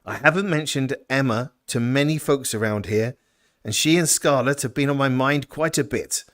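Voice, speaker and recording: A man reading out the journal of a weary, grieving frontier man in a folksy, rough put-on rural voice. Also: mid-range voice, animated, unhurried, close to an everyday voice. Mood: melancholy.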